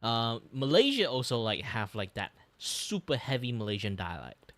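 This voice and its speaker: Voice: mid-range voice, moderate pace, no room sound. An art streamer reacting in casual chat, rambling with lots of fillers. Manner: rambling, many fillers, animated.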